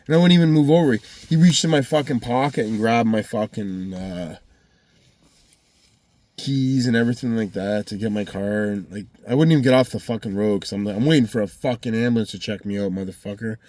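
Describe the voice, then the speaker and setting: A man's voice: fairly low pitch, a little fast, darkish tone, dry recording. A man rambling through a heated, profanity-filled personal story as a vlogger. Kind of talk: casual storytelling monologue.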